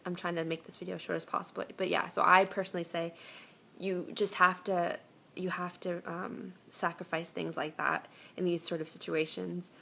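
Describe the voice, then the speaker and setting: A woman's voice: on the low side, gravelly, pushed and bright, slight background noise. A young woman vlogging from home on a phone camera, answering viewer questions with chatty, reassuring relationship advice full of "um"s and restarts. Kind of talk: casual advice chat.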